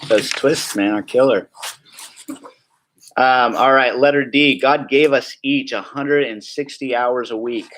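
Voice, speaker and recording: A man teaching a class at a prayer school in a casual, joking way, full of asides and quick check-ins with the room. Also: medium pitch, a bit bright. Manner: chatty, joking, full of "like" and "right?".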